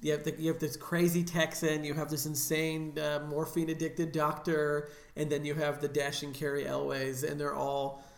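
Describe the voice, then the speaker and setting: A man talks through a film on a podcast in an easy, rambling way, his voice sitting a touch high. He laughs often and leans on fillers. The room gives his voice a noticeable echo. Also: monotone, moderate pace, creaky, few pauses. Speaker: podcast co-host. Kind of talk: casual film discussion.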